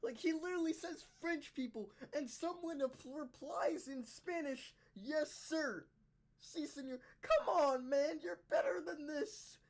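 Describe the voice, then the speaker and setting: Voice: sits high, unhurried, few pauses. A reaction video host casually commenting on a comedy clip.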